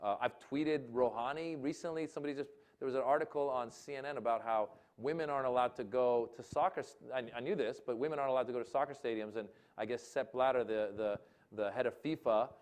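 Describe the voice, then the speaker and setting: A comedian on a talk-forum stage telling stories casually, restarting sentences and breaking into loud, animated bits of mimicry. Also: male voice, medium pitch, quick pace. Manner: animated, self-interrupting, loud mimicry in jokes. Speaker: comedian and guest speaker. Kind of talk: casual conversational storytelling. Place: lecture hall forum with audience.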